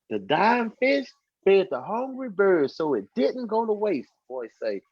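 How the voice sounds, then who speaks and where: A man's voice: sits high, sing-song, a little slow, a little mellow, breathy edge, no echo. A man telling his life story on a podcast, acting out the voices of the people in it. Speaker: podcast guest. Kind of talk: casual storytelling testimony. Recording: dull lo-fi dry sound.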